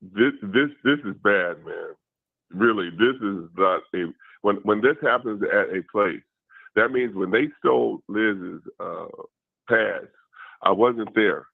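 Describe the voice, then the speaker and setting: A man's voice: fairly low pitch, slow pace, vocal fry, dry recording. A male caller phoning in to a talk show, speaking earnestly with stammering restarts as he complains. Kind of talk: phone-in call. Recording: tinny dry phone line.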